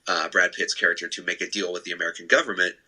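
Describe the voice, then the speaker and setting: A man's voice: deep voice, fairly even intonation, rapid-fire, sharp tone, low-quality recording. A young man co-hosting a casual movie podcast, retelling a film plot in a rambling way with many fillers and restarts. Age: young adult. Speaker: podcast co-host.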